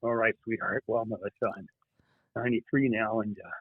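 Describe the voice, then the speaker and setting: A man doing an impression of a gruff aging male movie cowboy star, speaking in a slow, low, dry growl. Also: steady tone, no room sound. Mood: flirty. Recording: tinny phone-like line.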